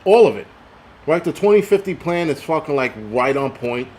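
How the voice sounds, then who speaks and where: A middle-aged man, a little tipsy on liquor, casually rants on his live stream with profanity and reads chat comments aloud. He sounds a little high and a little mellow, with lively intonation and normal speed.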